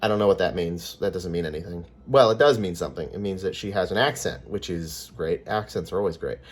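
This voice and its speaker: A man's voice: deep voice, fairly quick. A man with a Californian American accent in casual vlog chat. He rambles and chats, with frequent ums and corrections of himself. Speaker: vlogger.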